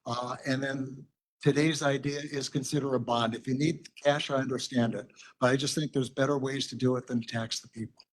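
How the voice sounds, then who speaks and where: A man explaining his points in a measured way during public comment at a county board meeting. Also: medium pitch, steady tone, low-quality recording.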